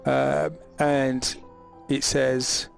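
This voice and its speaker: A man narrating as game master, often halting with restarts and ums. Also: medium pitch, little pitch movement, gravelly, faint music behind.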